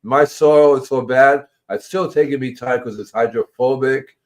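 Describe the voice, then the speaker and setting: A man hosting a gardening livestream, talking casually in a rambling way and repeating his words. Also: moderate pace. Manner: rambling, repeats words, acts out animals in squeaky voices. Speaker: gardening show host.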